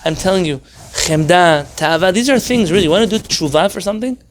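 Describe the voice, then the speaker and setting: A man teaching an informal Torah class as a rabbi, animated and wry, firing off rhetorical questions and sarcastic asides. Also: sits high, fast talker, a little hiss or hum.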